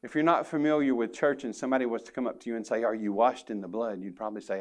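A man's voice: mid-range voice, fairly even intonation, very fast, few pauses. Male pastor, earnest emphatic sermon delivery with folksy asides. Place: church sanctuary.

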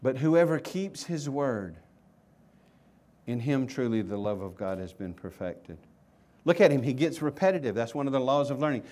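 A man preaching a sermon as pastor, moving between loud emphatic questions and quiet, hushed asides. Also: mid-range voice, lively intonation, normal speed. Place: church sanctuary.

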